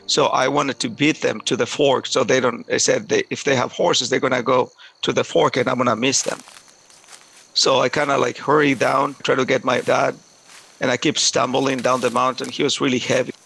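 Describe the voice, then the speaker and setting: A man telling a personal story aloud in a halting way, often repeating words and restarting. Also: medium pitch, level tone, gravelly, fairly bright tone, a little hiss or hum, rough recording.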